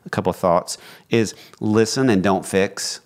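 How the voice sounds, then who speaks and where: A man's voice: lowish voice, fairly even intonation, moderate pace. A middle-aged man co-hosting a podcast, telling a personal story in an earnest, reflective way. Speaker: podcast co-host. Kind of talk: casual podcast chat.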